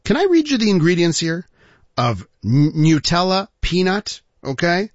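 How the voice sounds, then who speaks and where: Animated man hosting talk radio. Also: high voice, normal speed, no echo. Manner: animated, addresses listeners as ladies and gentlemen. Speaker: radio talk show host. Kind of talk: talk radio storytelling monologue. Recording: dull lo-fi broadcast sound.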